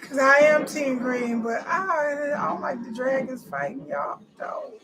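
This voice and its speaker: A woman's voice: high voice, expressive, measured pace, background noise. A woman streamer reacting live to a show, speaking in an emotional, exclaiming, repetitive way. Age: adult. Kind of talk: live watch party reaction.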